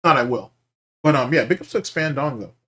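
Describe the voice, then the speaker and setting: A man's voice: mid-range voice, animated, fairly quick, fairly bright tone. Laid-back, foul-mouthed male podcast host. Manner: profane, loose and chatty, bursts into laughter. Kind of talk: casual chat.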